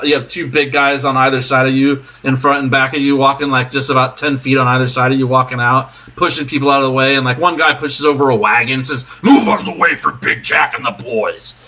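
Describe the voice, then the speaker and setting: A man's voice: mid-range voice, bright, forceful tone. A man narrating a tabletop game as game master, loose and rambling, often laughing.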